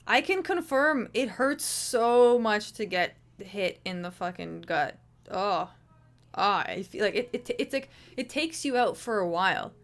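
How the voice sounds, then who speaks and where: A woman's voice: medium pitch, expressive, measured pace. Woman streamer rambling along, casual chat, swears a lot, keeps restarting sentences. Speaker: livestream host. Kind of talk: casual livestream commentary.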